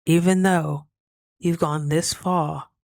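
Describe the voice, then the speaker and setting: A woman's voice: low voice, steady tone, takes it slowly, vocal fry, a little mellow, no room sound. A woman talking through a casual diary vlog, earnest and reflective, sometimes close to tears. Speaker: vlogger.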